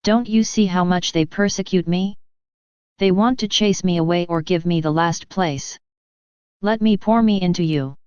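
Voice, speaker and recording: Woman reading as a gentle sorrowful divine man. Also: lowish voice, normal speed, clean tone, no echo, lightly acted. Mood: solemn tender. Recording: dull lo-fi dry reading.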